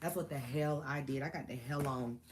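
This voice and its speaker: A woman, chatting casually to camera about her Marine days, animated and full of slang and laughter. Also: extremely low pitch, normal speed, heavy background noise. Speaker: Marine veteran vlogger.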